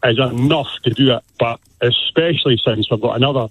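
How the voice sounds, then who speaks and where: A man's voice: mid-range voice, brisk, breathy edge, no echo. A Scottish man calling in to a radio talk show, speaking passionately and emphatically, often repeating his points. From Scotland. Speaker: caller. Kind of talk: phone-in radio call. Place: on the phone, calling in. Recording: tinny phone line.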